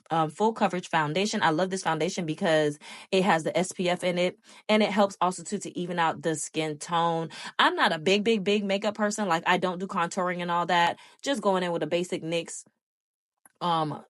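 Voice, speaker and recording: A woman's voice: fairly low pitch, no room sound, clean studio sound. A middle-aged woman, talking viewers through a casual hair and makeup tutorial with playful sound effects. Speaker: beauty vlogger.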